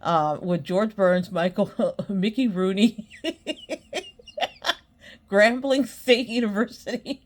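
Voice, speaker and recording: Woman, podcast host, casual solo chat, rambling, giggly, mid-pitched. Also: slow. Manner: giggly, breaks into laughter often; rambling, many fillers.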